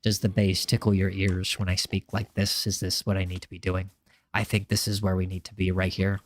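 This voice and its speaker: Guy doing a deep soft asmr host voice, whispered role-play, slow and soothing. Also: level tone, slight background noise, close to an everyday voice. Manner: slow, low and soft, testing his softness.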